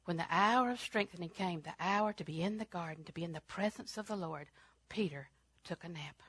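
A woman preaching a sermon, swinging from loud, emphatic declarations to hushed, near-whispered lines, repeating phrases for emphasis. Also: fairly low pitch, a little fast, slightly rough, no room sound.

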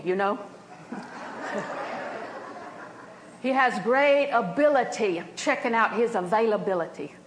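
Older woman preacher, fairly high voice, lively and chatty delivery, echoey hall sound. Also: a little hiss or hum. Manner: lively, laughing, storytelling preacher. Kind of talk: sermon.

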